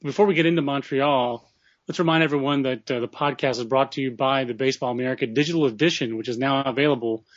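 A man's voice: mid-range voice, no room sound. A man hosting a casual podcast chat, talking freely and reading a sponsor plug. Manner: chatty, reads sponsor plug. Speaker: podcast host. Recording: dull lo-fi audio.

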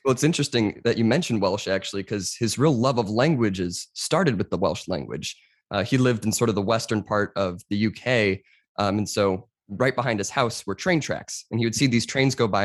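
A man's voice: lowish voice, moderate pace, dry recording, clean studio sound. A young man speaking as a podcast guest, explaining at length in a casual conversation and often saying "you know".

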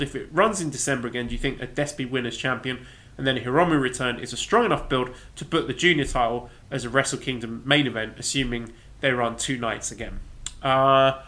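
A man co-hosting a wrestling podcast, reading listener questions and answering in a dry, measured, teasing way. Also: medium pitch, sharp tone. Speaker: podcast co-host.

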